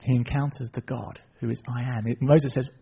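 A man preaching, retelling a story in a lively sermon with asides to the audience. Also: mid-range voice, a little fast, creaky, husky. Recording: dull lo-fi recording.

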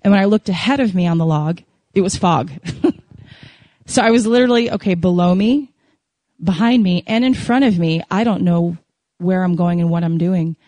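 A woman's voice: lowish voice, normal speed, no echo. Woman telling an emotional testimony. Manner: animated, emotional storytelling with laughs and acted prayers. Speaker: speaker sharing a testimony. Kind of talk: sermon testimony.

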